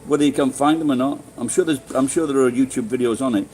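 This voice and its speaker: A man's voice: medium pitch, fast talker, a little mellow, rough recording. Man, Sheffield accent, middle-aged, rambling casual streamer, swears a lot, restarts often, faint background noise. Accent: Sheffield English. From England. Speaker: live streamer. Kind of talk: casual live-stream chat answering viewers.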